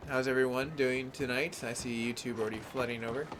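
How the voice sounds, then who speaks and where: Brief: easygoing male streamer, mid-pitched, slangy casual commentary, greets chat by name. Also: steady tone, fairly quick, background noise. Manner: chatty, greets viewers by name; laid-back slangy talk. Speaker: gaming live streamer.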